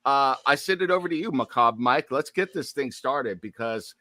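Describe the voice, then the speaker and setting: A man co-hosting a horror podcast in casual chat, animated and prone to playful digressions. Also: medium pitch, normal speed, dry recording. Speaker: podcast co-host.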